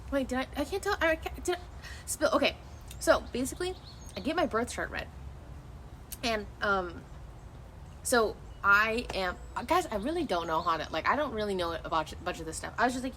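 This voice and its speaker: A young woman chatting to her stream from outdoors, her voice sitting a little high. She rambles and restarts her sentences, swearing casually as she goes. Faint outdoor ambience hangs behind her. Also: moderate pace, slight background noise. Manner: rambling and animated, with many restarts; loose, swearing freely. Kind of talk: casual chat.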